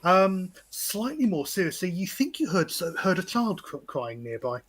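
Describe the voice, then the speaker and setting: A man's voice: high voice, big pitch swings, moderate pace, fairly bright tone. Hesitant game master, man. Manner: hesitant, lots of "sort of" and restarts. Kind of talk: narrating a tabletop game.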